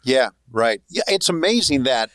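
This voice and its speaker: A man's voice: medium pitch, big pitch swings, moderate pace, fairly bright tone, no echo. Wry male podcast host. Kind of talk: casual interview chat.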